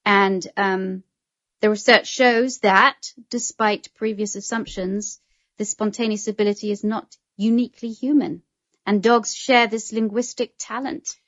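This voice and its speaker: A woman talks through ideas in an easy, conversational way and keeps checking in with little "right?" tags. Her voice sits at a middle pitch. The recording sounds a bit dull and lo-fi. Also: fairly even intonation, measured pace, fairly bright tone, no echo. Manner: chatty, explains eagerly with many "right?" tags. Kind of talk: casual chat.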